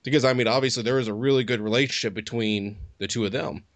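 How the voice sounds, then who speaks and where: A man's voice: medium pitch, fairly even intonation, fast talker, no room sound. A man co-hosting a podcast, casually retelling TV scenes and loosely quoting the characters. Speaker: podcast co-host. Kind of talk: casual chat recapping a TV episode.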